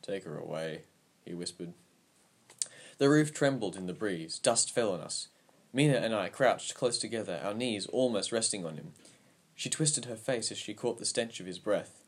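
Man, audiobook narrator, low voice, steady even reading, scripted narration. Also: normal speed, few pauses.

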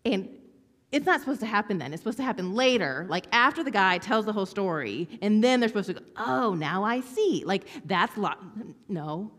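A woman preaching a sermon from a church stage, telling stories with lively swings between hushed whispers and bright exclaiming. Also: mid-range voice, fairly quick, big-room sound.

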